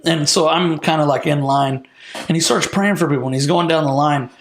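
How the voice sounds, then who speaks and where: A man recounts his testimony in a loose, animated storytelling manner, full of casual fillers. His voice sits a bit high with a gravelly edge. The room is noticeably echoey. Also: brisk, a little hiss or hum. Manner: lively, casual, lots of "like" and "you know". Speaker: minister sharing a testimony.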